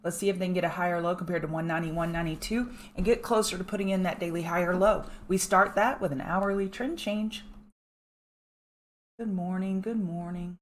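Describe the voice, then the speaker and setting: A woman's voice: lowish voice, fast, hardly any pauses, a little hiss or hum. A woman hosting a live pre-market show, chatting with viewers by name and walking through stock charts. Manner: chatty, greets chat viewers by name while reading charts. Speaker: market livestream host. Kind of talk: casual live chart analysis.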